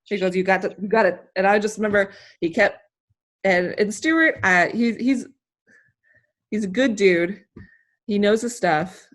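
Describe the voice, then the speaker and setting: A woman from the United States, an athlete telling her story as an interview guest, emotional and animated, rambling with many fillers. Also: mid-range voice, measured pace, long pauses. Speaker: interview guest, hammer thrower.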